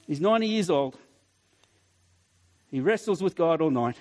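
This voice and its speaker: A man preaching a sermon, telling stories and acting out voices, at times dropping to a soft, tender tone. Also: fairly high pitch, expressive, normal speed. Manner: storytelling, acts out voices, drops to soft tender tone. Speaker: pastor.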